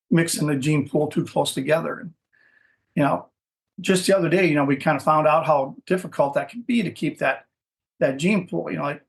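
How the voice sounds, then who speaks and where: A man's voice: on the high side, creaky. A middle-aged man, a dog breeder, telling his story as a podcast guest in a rambling way, often restarting sentences and adding "you know". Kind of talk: casual interview storytelling.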